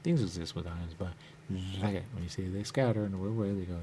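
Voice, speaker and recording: Over background noise, a male radio host delivers a fairly quick, low-voiced solo monologue. He drifts from point to point, repeats himself, and falls back on "there you go" again and again.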